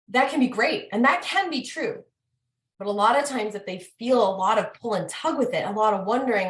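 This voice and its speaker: Chatty woman host in an echoey room. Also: medium pitch. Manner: animated, repeats questions back to herself. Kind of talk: casual chat. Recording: roomy echo.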